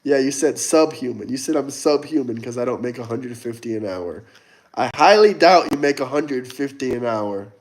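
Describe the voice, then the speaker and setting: An expressive, medium-pitched voice with a slightly mellow quality comes from a young American man hosting a casual livestream. Moving at a moderate pace, he reads chat and mocks, argues with and bluntly answers viewers.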